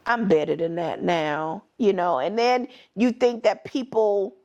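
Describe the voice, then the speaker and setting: A woman's voice: mid-range voice, unhurried, dark tone, dull audio. A middle-aged woman hosting a podcast, telling a personal story in a blunt, emphatic and candid way. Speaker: podcast host.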